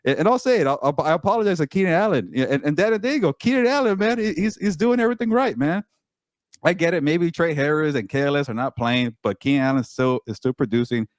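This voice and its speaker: A man co-hosting a sports podcast as a columnist. He talks emphatically, often repeats words, and gets animated. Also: on the high side, fast, no room sound, studio quality. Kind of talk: casual sports talk.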